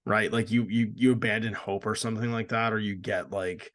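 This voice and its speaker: A man from Canada co-hosting a casual gaming podcast, animated and laughing often as he acts out quoted lines. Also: lowish voice, brisk. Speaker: podcast co-host.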